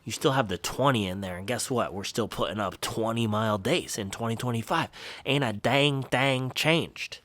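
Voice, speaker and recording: A man's voice: lowish voice, fairly quick, hardly any pauses, a bit bright, no room sound. A young man chatting casually in a vlog as a running shoe reviewer, playful and rambling with jokey slang.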